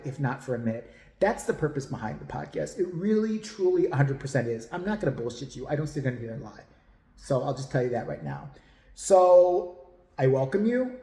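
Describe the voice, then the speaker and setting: Podcast host, man, blunt and foul-mouthed, slightly high voice, roomy echo. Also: warm tone. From United States. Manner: blunt and profane, rambling. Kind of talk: casual talk to viewers.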